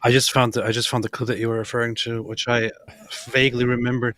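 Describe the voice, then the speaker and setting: A man co-hosting a casual reaction stream, relaxed as he retells a clip. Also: medium pitch, quick pace, dry recording. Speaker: co-host.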